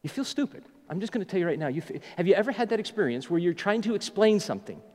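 A middle-aged man preaching a sermon as a pastor, an animated storyteller who jokes his way through. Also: high voice, fast, big-room sound.

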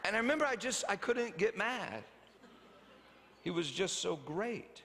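A man preaching a sermon, a father telling stories about his children, animated, swinging from loud to hushed. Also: sits high, unhurried, long reverb tail, a little hiss or hum. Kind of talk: sermon with acted anecdotes.

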